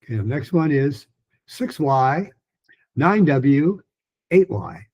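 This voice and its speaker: A man teaching a pronunciation lesson in a loose, rambling way, with many restarts, fillers and slowly modeled phrases. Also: medium pitch, very animated, darkish tone, slightly rough, poor audio. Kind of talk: recorded lesson talk.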